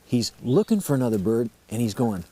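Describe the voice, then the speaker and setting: A man's voice: medium pitch, big pitch swings, normal speed, darkish tone. A man teaching turkey calls, explaining each sound step by step in a folksy, plain-spoken way. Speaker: turkey-calling instructor. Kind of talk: instructional explanation.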